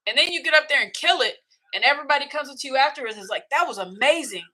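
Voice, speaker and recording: Bright-voiced chatty woman host. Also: high-pitched, expressive, racing, rough recording. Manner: chatty, emphatic, acts out her inner voice. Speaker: podcast host. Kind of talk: casual talk to camera.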